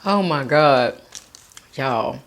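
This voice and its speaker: A woman hosting a mukbang video, chatting casually to viewers while eating and reading their comments aloud. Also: very slow. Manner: laid-back with lively swoops of pitch. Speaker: mukbang vlogger.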